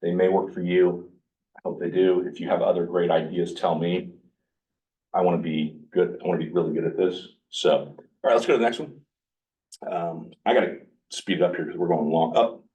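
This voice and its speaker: A lowish-voiced man speaks briskly to a live group in a meeting room, sharing his recovery experience in a casual workshop talk. He's blunt and animated, acting out his own quoted dialogue, and the mic catches him from a distance.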